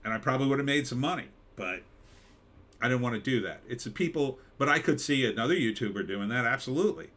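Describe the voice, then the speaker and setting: A man's voice: mid-range voice, lively intonation, fast talker, fairly bright tone. A man hosting a live stream, chatting casually and reading viewer comments, with a mid-Atlantic American accent. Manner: rambling, conversational, with mock announcer bits.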